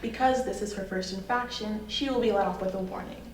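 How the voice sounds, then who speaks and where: A woman's voice: mid-range voice, a little fast, darkish tone, lightly acted. A young woman playing a defensive, bossy teenage head of a student jury. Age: young adult. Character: self-righteous teen girl heading student jury. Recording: very echoey room, distant mic, faint noise.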